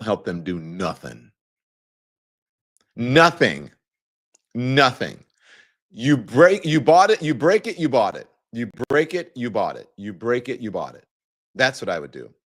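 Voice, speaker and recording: A middle-aged man hosting a casual opinion show, talking straight to viewers in a lively, mocking way. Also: fairly low pitch. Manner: animated, mocking, acts out quoted voices. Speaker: show host.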